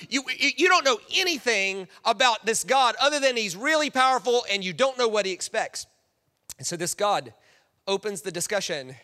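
A man delivers a sermon with animated energy, slipping into little acted voices for the people he quotes. His voice sits high and bright. The sound carries the long reverb of a large hall. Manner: animated, acts out quoted voices, restarts often. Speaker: pastor.

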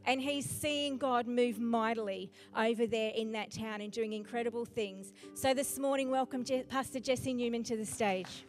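A woman introducing a guest preacher to a church, speaking haltingly with many pauses. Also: fairly high pitch, fairly even intonation. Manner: hesitant, many fillers. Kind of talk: introduction from the pulpit. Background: music.

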